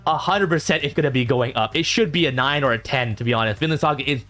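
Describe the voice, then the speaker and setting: A man reacting to viewer comments in a casual vlog, reading them out and answering with animated exasperation. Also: fast talker, soft background music. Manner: animated, jumps in pitch when exasperated.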